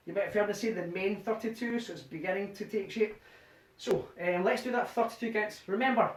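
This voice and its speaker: Male line dance instructor, rhythmic count-calling, slightly winded, distant camera mic in a roomy home. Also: high voice. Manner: counts steps aloud in a rhythmic chant. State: a bit out of breath. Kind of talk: teaching a dance workshop from home. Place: living room at home.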